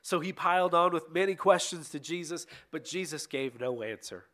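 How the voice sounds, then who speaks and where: A man reads a bible passage aloud, steady and unhurried, now and then stumbling over a word and restarting. His voice sits a little on the high side. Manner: steady reading with occasional slips and restarts. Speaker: scripture reader.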